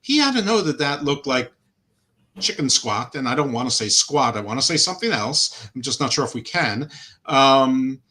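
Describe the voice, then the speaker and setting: A man's voice: medium pitch, big pitch swings, moderate pace, bright, forceful tone. A middle-aged man co-hosting a sports podcast, talking casually and with opinions, rambling with fillers and restarts. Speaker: podcast co-host.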